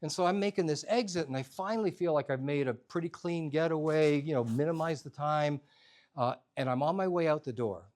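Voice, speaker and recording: A man telling a personal story to a live audience, in an animated, humorous, conversational way. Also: a little high, a little fast.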